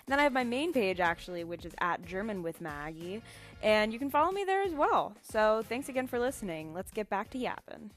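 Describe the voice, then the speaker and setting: Woman podcast host doing her socials plug, spells it all out slow, soft music under it. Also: mid-range voice, big pitch swings. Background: faint music.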